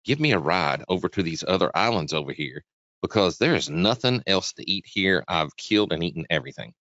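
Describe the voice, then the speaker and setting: Guy telling a fable as a sly hungry scorpion, low laid-back voice, dull dry sound. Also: expressive, brisk, fairly bright tone, dry recording. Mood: persuading. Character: scheming hungry male scorpion.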